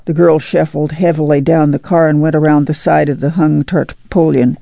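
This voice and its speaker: Gravelly male audiobook narrator. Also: fairly high pitch, little pitch movement, moderate pace, few pauses, mellow, no room sound, dull audio. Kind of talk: scripted narration.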